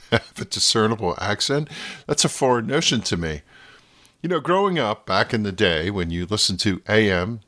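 A man with a New Jersey accent hosts a podcast from a script, his voice sitting a little low. He talks in a playful way and sometimes slips into a radio-announcer voice. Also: a bit bright. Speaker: podcast host.

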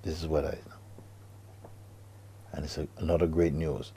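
A man giving a spiritual talk to students, slow and hushed with sudden emphatic rises, and slightly non-native grammar. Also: a bass voice, level tone, a little hiss or hum. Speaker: spiritual teacher.

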